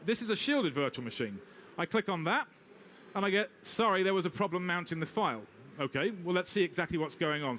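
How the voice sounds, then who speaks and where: A British man giving a live technical talk with a demo, brisk and wry, talking straight to the audience. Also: sits high, fairly bright tone. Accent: British English. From Britain. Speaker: technical presenter.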